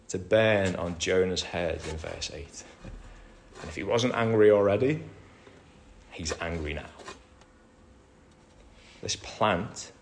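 A man preaching a sermon, explaining a passage verse by verse and acting out the quoted lines with big swings in loudness. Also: on the low side, slight background noise.

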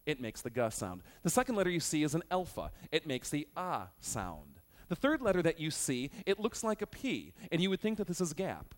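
Animated male preacher, lively pitch. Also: fairly quick, hardly any pauses. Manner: animated, joking, teaching. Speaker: pastor. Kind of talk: sermon.

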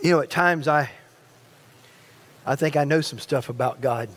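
A man's voice: fairly high pitch, normal speed, a bit bright. A male pastor preaching a sermon. He speaks straight to the congregation and often repeats or restarts his phrases. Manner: stirring preacher who addresses the congregation directly.

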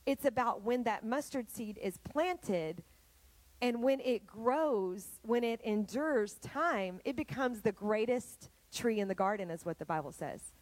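Woman preacher, animated storyteller, mid pitch, dry close sound. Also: a little slow, no echo, poor audio. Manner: animated storytelling, addressing the congregation directly. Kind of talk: sermon.

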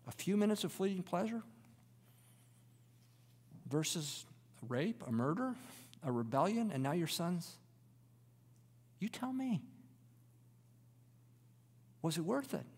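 A man preaching a sermon, reading scripture and explaining it, swinging between raised, emphatic lines and hushed, near-whispered asides. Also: high voice, sing-song, measured pace, long pauses, husky, long reverb tail. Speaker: pastor.

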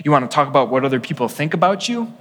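A male pastor preaches an earnest sermon to his congregation, his somewhat high, sing-song voice moving very fast through a church with a long reverb tail. He sinks to a near hush for weighty lines, then rises emphatically to drive a point home.

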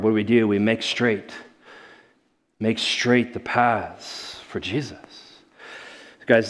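A man preaching a sermon in a conversational, animated way, often calling his listeners guys. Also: lowish voice. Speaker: pastor.

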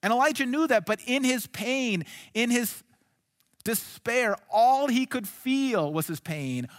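High-voiced pastor in an echoing hall. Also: male voice, animated, slow pace. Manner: earnest, swings between soft hushed lines and raised emphatic ones. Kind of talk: sermon.

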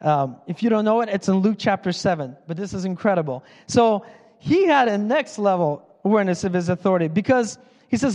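A man preaching a sermon in a casual, animated way, acting out Bible characters in quick voices. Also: high voice. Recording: long hall reverb.

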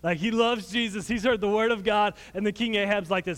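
A man preaching a sermon, retelling a story in an animated, folksy way. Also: sits high, a little fast, in a large hall.

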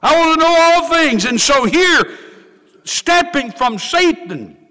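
A man's voice: very high-pitched, very animated, takes it slowly, sharp tone, in a large hall. A man preaching a sermon, dramatic and emphatic, repeating lines for effect.

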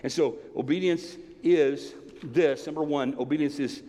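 A man preaching a sermon in a conversational, emphatic way, sometimes dropping to a hushed tone. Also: a little high, unhurried. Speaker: pastor. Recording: long hall reverb.

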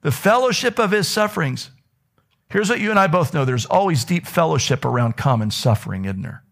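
A man preaching a sermon as a pastor in a church, telling stories with wide swings in pitch and dropping now and then to a whisper. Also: animated, fairly quick, gravelly, a bit bright. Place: church sanctuary.

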